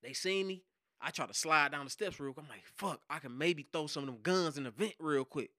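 A man, a podcast guest and hip hop producer, telling a story in casual, profane slang and acting out loud shouted quotes. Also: a little high, brisk, no echo, clean studio sound. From Detroit.

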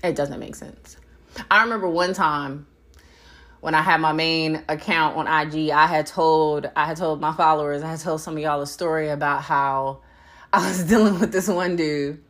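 A young adult woman hosting a solo podcast, talking bluntly and profanely in an animated, laughing monologue. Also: low voice, moderate pace. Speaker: podcast host.

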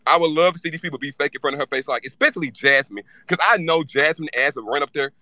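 Man guest, bright forceful voice, fast irritated rant, swears freely. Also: fairly high pitch, no room sound. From Louisiana. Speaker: live-stream guest speaker. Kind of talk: casual fan chat.

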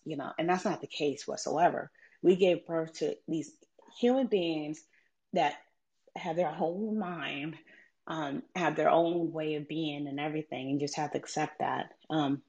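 Low gravelly-voiced mother telling a story. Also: darkish tone. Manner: reflective, conversational, frequent fillers. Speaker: mother sharing parenting story. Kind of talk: casual personal storytelling.

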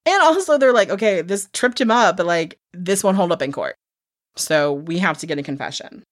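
A woman co-hosting a casual true crime podcast, telling the case in an animated way, swearing freely and acting out what people said. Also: fairly low pitch, normal speed, no room sound, clean studio sound. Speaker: podcast co-host.

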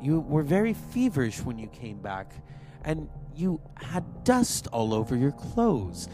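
A man imitating a genteel older woman detective with a slow, measured cadence. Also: mid-range voice, big pitch swings, voice pushed up. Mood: deliberate. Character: genteel older woman sleuth, calm and deliberate. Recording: music playing behind.

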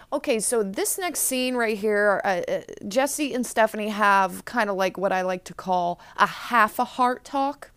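A woman hosting a podcast, recapping an episode in a chatty, animated way. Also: medium pitch, clear, resonant tone, dry recording. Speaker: podcast host.

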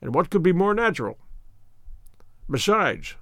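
A man voicing a calm, self-assured middle-aged detective who speaks with dry, courteous irony in an audiobook. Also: high voice, unhurried, dry recording, heavily acted. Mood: calm, ironic. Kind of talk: audiobook character voice.

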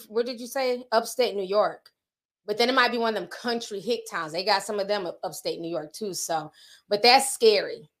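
A middle-aged woman from the northern US hosting a livestream, telling stories in casual chat and reading out viewer comments. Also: a little high. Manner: chatty storytelling, animated quoted voices. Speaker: livestream host.

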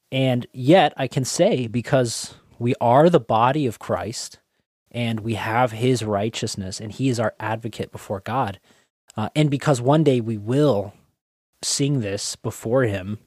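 A man with a mid-range voice answers thoughtfully and pauses often on ums and uhs. He quotes scripture as he talks. The recording is close and dry. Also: medium pitch, a little mellow, no echo. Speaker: podcast co-host. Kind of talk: conversational theological discussion.

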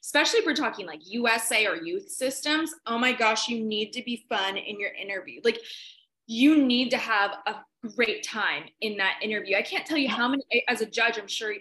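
Bright, enthusiastic young woman. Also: fairly high pitch, fairly quick. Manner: enthusiastic, animated storytelling. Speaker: podcast guest, pageant titleholder and coach. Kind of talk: casual podcast chat.

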